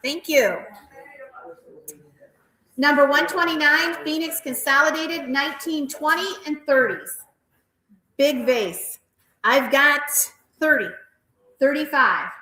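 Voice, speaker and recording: A woman auctioneer calling bids at a live auction in a rapid, repetitive chant, with chatty asides about the pieces. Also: high-pitched, pushed and bright. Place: auction house hall. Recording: roomy echoey hall.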